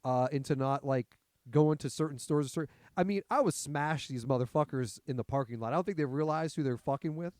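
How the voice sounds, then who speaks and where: A man's voice: a little high, fairly quick, few pauses, a little mellow, no echo, studio quality. Blunt, profane man in casual chat. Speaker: podcast co-host.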